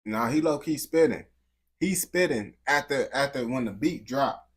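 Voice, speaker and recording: A man's voice: medium pitch, lively intonation, moderate pace. A man giving casual, slangy reaction commentary, dropping "bro" and "gang" constantly and restarting his sentences. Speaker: reaction video host.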